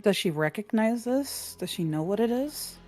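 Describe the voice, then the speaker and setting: Player at the table, woman, relaxed warm voice, narrates her character casually. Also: medium pitch, normal speed, soft background music. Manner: chatty, narrates her character's actions in third person. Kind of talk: playing a tabletop role-playing game.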